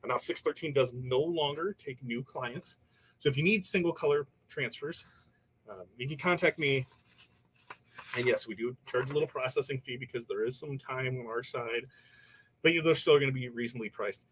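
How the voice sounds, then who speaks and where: A man's voice: medium pitch, moderate pace, a bit bright, breathy edge, rough recording. A man hosting a casual livestream from his workshop, rambling through viewer comments and stories with frequent laughs. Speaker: livestream host. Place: workshop while pressing shirts.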